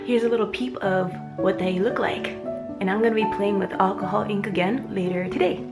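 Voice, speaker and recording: A woman's voice: medium pitch, fairly quick. Chatty girl doing food vlog voiceover, playful, music in the back. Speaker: food vlogger. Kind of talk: voice-over vlog narration. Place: home.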